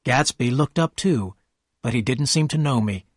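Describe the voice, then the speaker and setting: A man reading a graded story aloud for English learners in slow, clear scripted narration. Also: medium pitch, animated.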